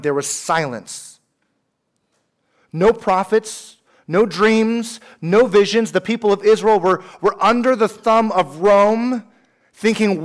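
A man in his thirties, a pastor giving a lively, conversational sermon with humorous asides and acted-out quotes. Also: on the high side. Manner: animated, conversational preaching with asides and voiced quotes.

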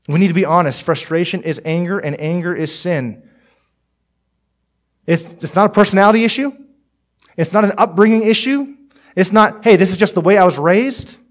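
A man preaching a sermon as pastor, earnest and direct, swinging between emphatic lines and hushed ones. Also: a little high. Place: church, streamed online.

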